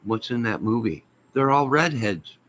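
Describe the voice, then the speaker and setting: A man's voice: mid-range voice, lively intonation, measured pace, fairly bright tone. A middle-aged man rambling and talking back to his viewers' comments, exasperated, in a casual live chat from home. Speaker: YouTube live host.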